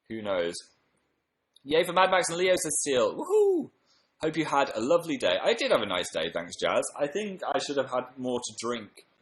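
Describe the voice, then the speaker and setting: In a roomy, low-quality recording, a man with a fairly low pitch and a fairly bright tone hosts a casual livestream at home. He's tired from a late night but chats and reads out comments with upbeat bursts.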